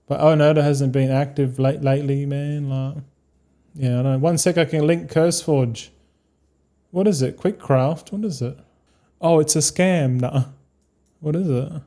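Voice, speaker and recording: A man's voice: fairly high pitch, fairly even intonation, normal speed, mellow. An Australian man live-streaming a game, chatting casually and rambling, with frequent swearing and matey slang.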